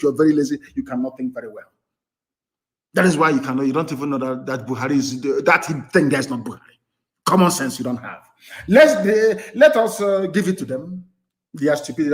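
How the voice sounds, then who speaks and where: A man with a Nigerian accent giving a live radio broadcast speech, fiery and mocking, swinging from loud outbursts to low muttered asides. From southeastern Nigeria. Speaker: political activist broadcaster.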